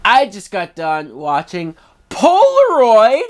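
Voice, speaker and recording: A man tears into a film in a heated rant. His pitch swings up and down with real animation as he hammers home each complaint. He is scornful and emphatic and swears freely. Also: huge pitch swings, slow pace. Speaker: film reviewer. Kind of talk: ranting film review.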